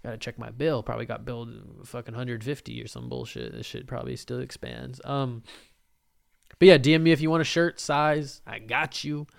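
A man's voice: mid-range voice, steady tone, normal speed, vocal fry. A young man hosting his own podcast, rambling casually and swearing freely as he talks into a microphone. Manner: rambling, profane and laid-back, often laughing. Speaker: podcast host. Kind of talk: casual solo podcast monologue.

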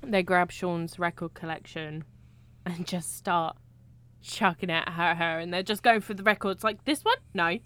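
A woman's voice: on the low side, measured pace, clear, resonant tone. A woman co-hosting a podcast, chatting casually about a film and laughing often. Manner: laughs often, relaxed and drawn out. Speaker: podcast co-host.

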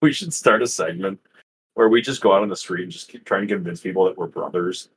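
A man's voice: sits low, fast, fairly bright tone, husky. A young man co-hosting a podcast, chatting casually, rambling and swearing with frequent laughter. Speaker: podcast co-host. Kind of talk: casual chat.

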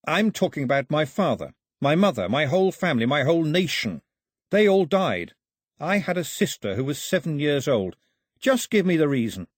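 Fierce island boy, sharp and quick, husky, voiced by the narrator. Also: medium pitch, very animated, no echo, clean studio sound, voice pushed up. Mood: urgent. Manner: blunt, fast, sharp.

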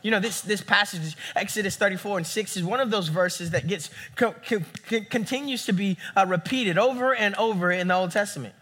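A young man preaching a sermon as a campus pastor, animated and acting out the people he quotes. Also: sits high, a little fast, hardly any pauses. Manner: animated, acts out quoted voices.

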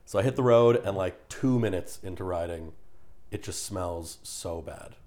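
A young man, telling a story on a podcast in a loose, profane, animated way, often laughing. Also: low voice, normal speed. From Canada. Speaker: podcast guest. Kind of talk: casual storytelling.

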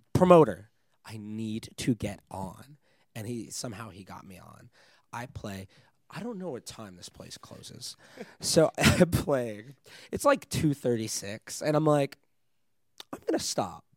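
Young dj guy, lowish voice, spins a crazy story, swears a lot, dry mic. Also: unhurried, dry recording. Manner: animated, laughing storyteller who swears often. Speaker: guest DJ. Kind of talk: casual storytelling chat.

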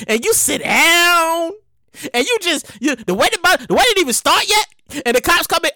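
A man with a very high, wildly swinging voice hosts his own comedy show, riffing loudly on strange news stories. He curses freely and keeps breaking into laughter and cries of exclamation. His tone is bright and the recording is close and dry. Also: moderate pace, no echo. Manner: loud, animated, cursing, often breaks into laughter and exclamations. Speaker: podcast host.

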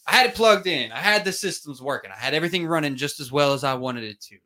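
Man, podcast host, casual sports chat, animated storyteller, bright tone. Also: a little high, fast talker. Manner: animated storytelling, swears freely.

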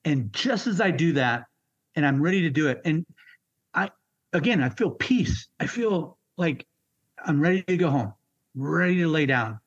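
A man in his fifties, a military veteran being interviewed, telling his story in a raw, halting way and swearing freely. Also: a little high, lively intonation, muffled recording. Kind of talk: candid personal storytelling.

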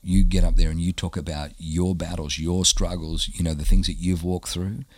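A middle-aged Australian pastor telling stories in a casual interview, animated and acting out the voices of people he quotes. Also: deep voice, normal speed, dry recording.

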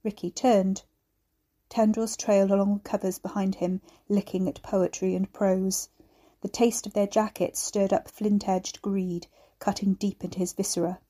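A woman, the author, reading her own dark novel aloud in a measured storytelling style. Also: medium pitch, flat delivery. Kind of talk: audiobook narration.

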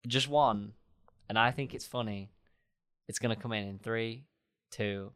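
A man's voice: fairly low pitch, fairly even intonation, fairly bright tone, smooth. A young Australian man co-hosting a podcast, bantering and joking in casual chat. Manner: joking banter, quick reactions. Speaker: podcast co-host.

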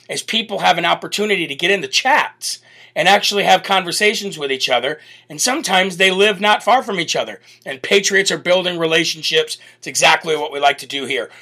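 An American man with a bright, forceful voice, pitched a little high, hosts a live show. He reads out viewer comments and gives upbeat, chatty shout-outs, thanking people one by one. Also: fairly quick. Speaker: host.

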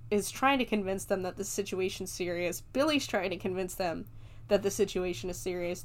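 Woman, movie reviewer, relaxed profane recap, laughs a lot, mid pitch. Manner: loose and profane, laughs often, jokes along.

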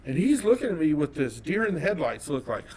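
A man from California telling a personal story as an interview guest, animated and acting out the dialogue. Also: a little high, a little fast. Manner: animated, acts out quoted dialogue.

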